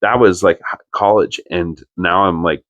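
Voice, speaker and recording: A young man with a very low voice talks casually as a podcast co-host. He tells his story earnestly, wandering through sentences packed with "like". The sound is dry and close, with no room around it. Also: steady tone, moderate pace, fairly bright tone, no echo. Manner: rambling, full of "like" fillers, earnest.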